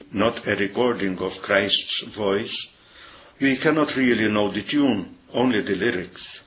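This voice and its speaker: Male priest for a gospel reading and homily, unhurried and thoughtful, muffled lo-fi sound. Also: fairly low pitch. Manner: slow, measured, reflective delivery. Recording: dull lo-fi recording.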